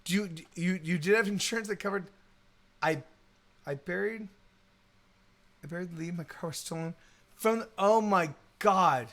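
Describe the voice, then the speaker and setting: A man's voice: high-pitched, normal speed, long pauses, a bit bright. A man musician chatting casually on a live stream, rambling with lots of restarts and swearing, with a Texan accent. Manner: rambling, swears a lot, many restarts and fillers.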